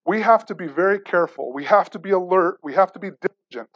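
A man's voice: fairly high pitch, a little fast, lo-fi sound. A man preaching a sermon as pastor, repeating rhetorical questions and restarting words with stammers.

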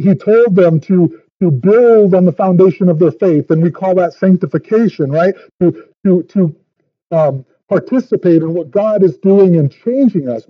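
A man's voice: sits high, mellow, dry recording, muffled recording. A male pastor preaching verse by verse in an earnest, thinking-aloud way, often repeating words as he goes. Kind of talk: verse-by-verse sermon.

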